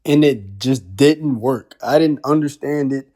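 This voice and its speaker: A man's voice: mid-range voice, a little slow, warm tone. A man giving casual ranting commentary as a wrestling vlogger, firing off incredulous rhetorical questions in loose slang.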